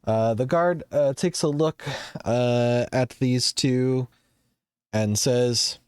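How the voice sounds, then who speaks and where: A man narrating a tabletop game as game master, halting with many fillers. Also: medium pitch, a little mellow, clean tone, no room sound, studio quality.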